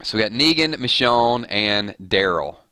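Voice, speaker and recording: A man hosts a loose, playful livestream, reading viewer comments aloud and weighing in on each one. His voice is bright and forceful, a little on the low side, and it sits dry and close to the mic. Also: lively intonation, a little slow, smooth, no room sound. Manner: playful, reads chat rhymes aloud and judges them. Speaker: livestream host.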